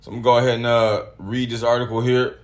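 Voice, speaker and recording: A man hosting a solo podcast, talking casually with lots of swearing and reading articles aloud in an animated way. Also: mid-range voice, fast. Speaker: podcast host.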